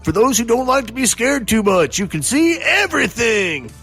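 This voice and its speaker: A man co-hosting a casual comedy podcast, throwing in quick jokes and laughing often. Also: very high-pitched, sing-song, gravelly, a bit bright, faint music behind. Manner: quick joking interjections, lots of laughter. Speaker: podcast co-host.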